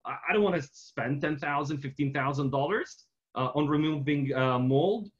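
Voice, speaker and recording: A man's voice: fairly high pitch, lo-fi sound, lightly acted. A man voicing an annoyed out-of-state homeowner who rattles off complaints. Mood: exasperated. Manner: exasperated, rapid complaining.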